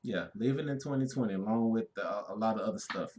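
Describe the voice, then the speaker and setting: A man co-hosting a casual spiritual talk, speaking in an easygoing, drawn-out way with frequent affirmations. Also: on the low side, a little mellow, a little hiss or hum. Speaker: co-host.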